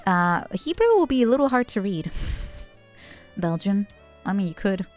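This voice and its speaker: A woman's voice: medium pitch, lively intonation, unhurried, a little mellow. A young woman with a Dutch accent, a native Dutch speaker, streaming and chatting casually with viewers, giggly and playful. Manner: giggly, playful, chatty, reading chat aloud. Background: faint background music.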